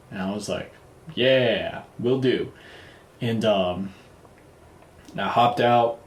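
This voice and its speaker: A man's voice: mid-range voice, a little mellow. A man casually telling a travel story, loose and profane, with lots of fillers and restarts. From United States. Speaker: vlogger. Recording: roomy echo.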